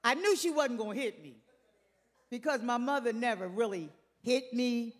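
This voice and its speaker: A woman's voice: a little high, lively intonation, normal speed, big-room sound. An older woman preaching a sermon, emphatic, repeating her phrases and calling out to the congregation.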